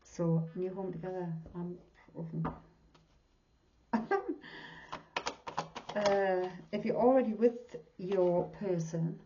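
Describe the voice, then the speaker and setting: A woman's voice: fairly low pitch, fairly even intonation, a little slow, few pauses, dark tone, slight background noise. A woman in her sixties, working as a medium, gives a tarot reading in an earnest, heartfelt way and often drops to a whisper. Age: 60s. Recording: dull lo-fi recording.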